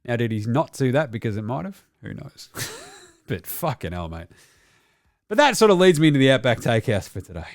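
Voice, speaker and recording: A man's voice: mid-range voice, very animated, fairly quick, no room sound, soft background music. A man with an Australian accent hosting a casual basketball show, ranting with a lot of swearing. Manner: profane, ranting. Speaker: host.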